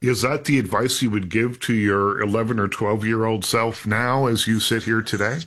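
A man hosting a radio talk show, asking questions and reading brisk announcer-like teasers for upcoming guests. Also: fairly low pitch, fairly even intonation, fairly bright tone. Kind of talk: host interview and show promos.

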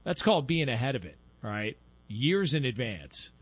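A man's voice: mid-range voice, big pitch swings, moderate pace, breathy edge. A man hosting a sports podcast in casual chat, laughing often. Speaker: podcast host.

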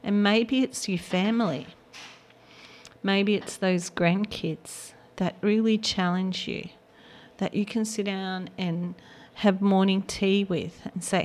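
A woman's voice: mid-range voice, fairly even intonation, darkish tone. An older woman hosting a gospel radio show, giving an earnest, emotional devotional talk. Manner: earnest, emotional, slow and heartfelt.

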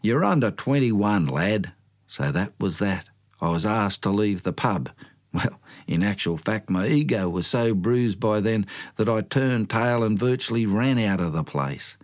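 A man's voice: fairly low pitch, a little slow. An older man with an Australian accent telling a folksy bush yarn, with slang and dramatic asides. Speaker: storyteller.

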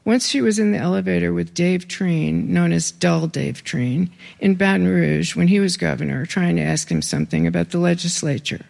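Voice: mid-range voice, normal speed, gravelly, hardly any pauses, a little mellow. A reader giving a live reading of memoir stories, breaking into casual asides with fillers.

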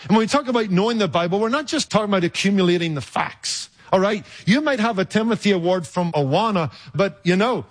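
A man preaching a sermon in an emphatic, rhetorical way, with dramatic pauses and sudden jumps in loudness. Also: sits high, lively intonation.

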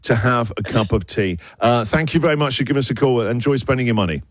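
A male radio host trading jokey, quick banter with a caller. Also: medium pitch, expressive, dry recording. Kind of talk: breakfast radio chat.

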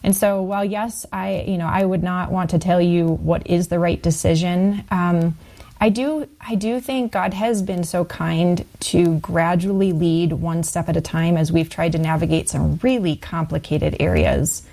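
A woman co-hosting a Christian radio show, offering gentle, reflective encouragement. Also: lowish voice, fairly even intonation, unhurried.

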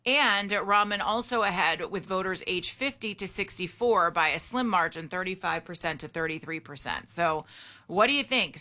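A woman's voice: medium pitch, sharp tone. A woman hosting a talk radio show, chatty and opinionated, reading out poll figures and the call-in number.

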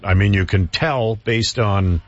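A man hosting a casual hockey chat, chatty with quick affirmations and a husky voice. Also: fairly low pitch, dull audio.

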